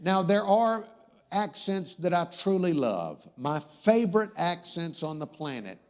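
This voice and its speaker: A man's voice: sits high, expressive, measured pace. A man hosting a comedic talk show, rambling and wisecracking as he gets sidetracked.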